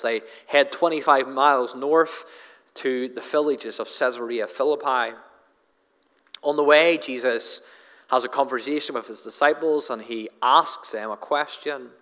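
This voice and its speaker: A man's voice: medium pitch, moderate pace, fairly bright tone. A man preaching an expository sermon in an earnest manner, often repeating words as he drives home a point. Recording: long hall reverb.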